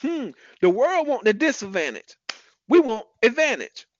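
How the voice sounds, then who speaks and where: High-voiced man preaching a lively sermon. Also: normal speed, no room sound, muffled recording. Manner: lively preaching, calls out names in the room. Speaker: pastor.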